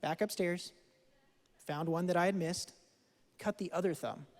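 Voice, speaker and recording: A young man preaching a sermon, telling a story in an animated way that swings from hushed to loud. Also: sits high, measured pace. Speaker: pastor. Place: church hall. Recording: church hall with long reverb.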